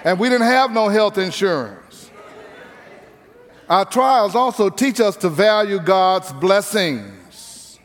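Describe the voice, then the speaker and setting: A man's voice: high-pitched, expressive, slow. A man preaching a sermon as pastor, stressing his points by repeating key phrases. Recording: reverberant hall with faint music.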